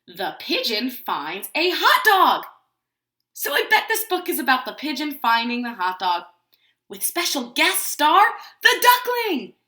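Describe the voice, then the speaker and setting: A woman pre-K teacher reading a picture book aloud to young children, in an animated way and often asking them questions. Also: high-pitched, roomy sound.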